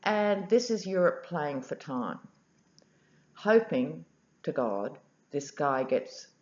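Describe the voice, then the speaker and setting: A woman's voice: a bass voice, reverberant. A woman, a tarot reader, chatting wryly in a casual vlog. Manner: wry and chatty. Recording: dull lo-fi audio.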